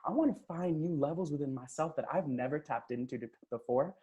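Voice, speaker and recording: A man leading a live online coaching session, upbeat and hyping up the chat with cheers and quick shout-outs, talking into a computer mic on a video call. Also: fairly high pitch, highs cut off. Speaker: transformational coach.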